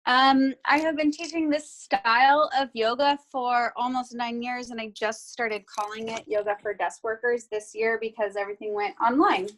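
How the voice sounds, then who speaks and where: A woman, a yoga therapist, speaking on a video call in an earnest, slightly hurried way. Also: fairly high pitch, steady tone, a bit bright, poor audio. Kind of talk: short spoken pitch on a call.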